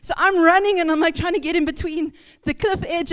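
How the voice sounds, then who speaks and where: A woman pastor, telling a lively story in a casual sermon, laughing and acting out sounds. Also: extremely high pitch, fast, hardly any pauses. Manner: chatty, laughing, acts out sounds and voices. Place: church hall. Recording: reverberant church hall.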